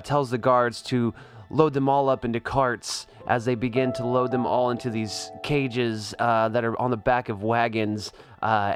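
A man narrating as game master in a tabletop game, describing scenes with many fillers. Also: mid-range voice.

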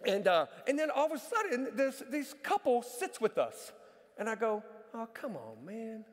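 High-voiced joking middle-aged pastor, echoing hall. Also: male voice, moderate pace. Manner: lively, joking, conversational preaching. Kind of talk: sermon with personal stories. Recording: reverberant hall.

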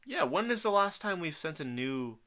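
A young man co-hosts a podcast in loose, joking chat. His pitch jumps all over the place and his tone is bright and forward. He thinks out loud as he goes. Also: very animated, normal speed. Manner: joking, thinks aloud while ordering food. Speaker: podcast co-host. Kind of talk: casual chat.

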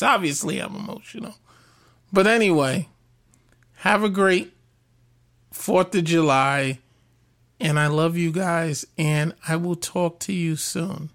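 A man hosting a podcast, ranting casually in an animated, profane, self-deprecating way. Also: on the high side, measured pace, creaky. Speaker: podcast host. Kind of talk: casual solo rant.

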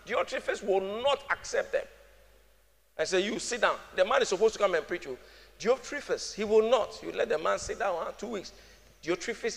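A man preaches in a high, gravelly voice, calling on the congregation to answer him back. His words ring out with a long hall reverb while soft music plays underneath. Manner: preaching with call-and-response, acting out voices. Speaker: pastor. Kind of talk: sermon.

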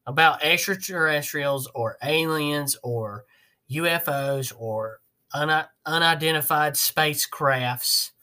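A man's voice: on the high side, sharp tone. A man hosting a casual podcast, rambling and self-mocking. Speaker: podcast host.

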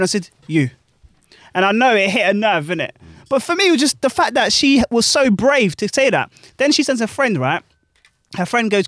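A young man, a club DJ telling animated stories in casual chat full of slang. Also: on the high side, no echo, studio quality. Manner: animated, laughing anecdotes with British slang.

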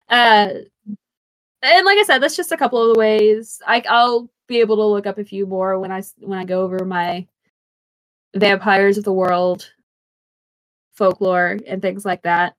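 A woman's voice: mid-range voice, measured pace, pauses often, no room sound. A woman hosting a podcast in a chatty, casual way, with lots of fillers and restarts and frequent giggles. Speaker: podcast host.

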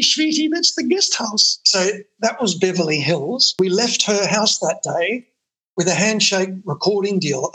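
A man, a musician, telling animated and enthusiastic stories in an interview. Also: sits high, husky, poor audio. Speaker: musician guest. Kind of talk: interview storytelling.

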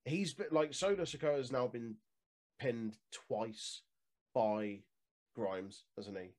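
A man's voice: mid-range voice, takes it slowly, darkish tone. A man co-hosting a podcast in casual, opinionated chat, swearing freely. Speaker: podcast co-host.

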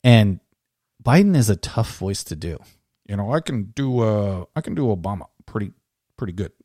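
A man's voice: fairly low pitch, expressive, moderate pace, mellow, dry recording, clean studio sound. A man co-hosting a casual chat, reading headlines aloud with frequent laughs and mocking asides. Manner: laughs often, mocking, rambling. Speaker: co-host.

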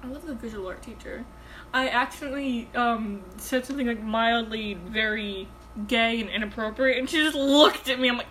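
Bright-voiced rambling teen girl. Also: on the high side, normal speed, slight background noise, rough recording. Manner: rambling, deadpan, swears often. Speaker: podcast co-host. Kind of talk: casual chat.

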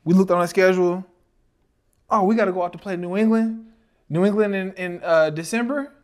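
Ex-player guy, chill storytelling, bit higher voice. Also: brisk. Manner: laid-back, conversational. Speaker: podcast co-host, former football player. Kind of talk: casual storytelling.

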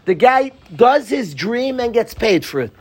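A man's voice: very high voice, very animated, measured pace, breathy edge. A man teaching a Torah class to students, pleading and passionate, joking with them at times.

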